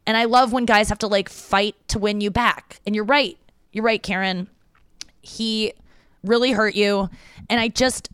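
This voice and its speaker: A woman's voice: mid-range voice, fairly bright tone, clean tone, no room sound, studio quality. A young woman hosting a podcast alone, chatting candidly with fillers and frequent swearing as she reads out listener messages. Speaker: podcast host. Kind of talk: casual solo podcast, reading listener messages.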